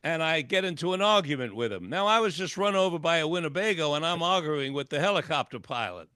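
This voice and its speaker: A man's voice: fairly high pitch, lively intonation, quick pace, sharp tone, smooth, no echo, studio quality. An older man, a psychologist and author, telling a personal story in a radio interview and acting out the dialogue vividly. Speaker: guest, clinical psychologist and author.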